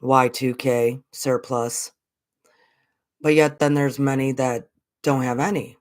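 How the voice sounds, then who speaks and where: A woman's voice: rumbling low, steady tone, takes it slowly, a little mellow. Earnest American woman spiritual vlogger. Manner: earnest, repeats points for emphasis. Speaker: spiritual channel host. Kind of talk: casual spiritual vlog talk.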